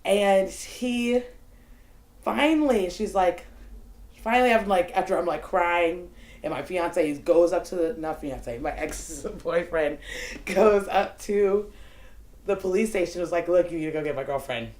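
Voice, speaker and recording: A woman with a fairly low voice recounts a story from her own life, talking casually, saying "like" often and cursing now and then. The room around her is echoey, and her delivery is unscripted and loose. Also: takes it slowly. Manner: casual, animated, peppered with "like" and profanity. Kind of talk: unscripted personal anecdote.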